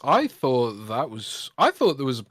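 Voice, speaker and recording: A man's voice: mid-range voice, huge pitch swings, unhurried, a bit bright, no echo, clean studio sound. A man co-hosting a casual gaming podcast, laid-back and hesitant, giving short reactions. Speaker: podcast co-host.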